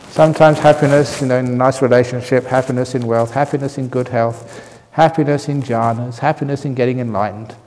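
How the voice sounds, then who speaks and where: A man's voice: medium pitch, fairly even intonation, fairly quick, darkish tone, long reverb tail. A man teaching at a meditation retreat, answering questions in a humorous, playful way and laughing often. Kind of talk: dharma talk answering questions. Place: retreat hall with long reverb.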